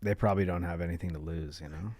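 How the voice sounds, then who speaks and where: A man's voice: low voice, fairly even intonation, very fast, a little mellow. A man talking as a podcast guest in casual, easygoing chat.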